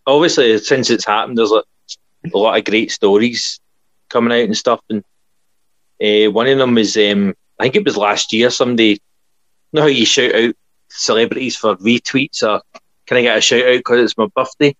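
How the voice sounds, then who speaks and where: A man's voice: medium pitch, normal speed, a bit bright, no room sound, dull audio. A Scottish man co-hosting a podcast, telling chatty stories and laughing often. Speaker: podcast co-host. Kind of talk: casual chat.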